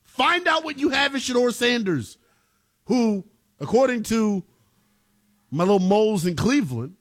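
A man's voice: very high-pitched, animated, a little slow, fairly bright tone. A man co-hosting a sports talk show, arguing his takes in a slangy, emphatic way. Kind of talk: casual sports debate.

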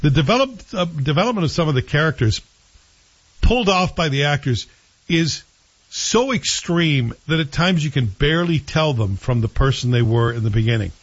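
A man's voice: on the high side, animated, moderate pace, husky, muffled recording. A man hosting a show, chatting casually and with strong opinions about a TV series he is watching. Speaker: show host. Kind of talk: casual TV review chat.

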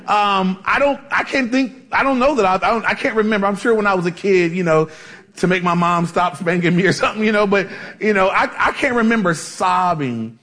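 A man's voice: high-pitched, fairly quick, fairly bright tone. A man preaching a conversational Bible-teaching sermon, casual and chatty, with frequent asides and restarts. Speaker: pastor.

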